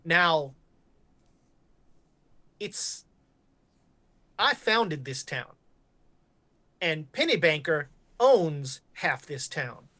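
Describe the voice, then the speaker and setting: A woman voicing a calculating frontier town founder who picks his words with care. He speaks in a low, unhurried drawl and keeps a cordial surface over his shrewd intent. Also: big pitch swings, bright, forceful tone, exaggerated voice. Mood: measured. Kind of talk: tabletop game character voice.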